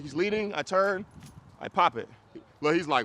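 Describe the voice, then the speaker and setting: A man leading an outdoor dog training class, explaining casually, checking that students follow and breaking into loud, high praise for the dog. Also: animated, normal speed. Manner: casual, explains with repeated checks like "you get what I'm saying". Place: outdoors in a city.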